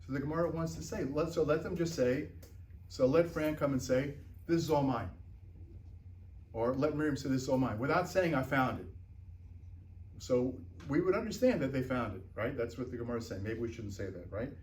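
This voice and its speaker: A man's voice: medium pitch, fairly quick, darkish tone, a little hiss or hum. Man teaching in a roomy classroom. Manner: checks in often with "right?" and "okay?"; stumbles and repeats words while thinking aloud. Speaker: Talmud teacher. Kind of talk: explaining a text in a class. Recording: roomy, picked up from a distance.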